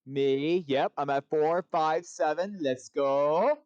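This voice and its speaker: A man's voice: on the high side, slow pace, a little mellow, no echo. A man hosting a casual chat with friends, often restarting and repeating his phrases. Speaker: host. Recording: dull lo-fi call audio.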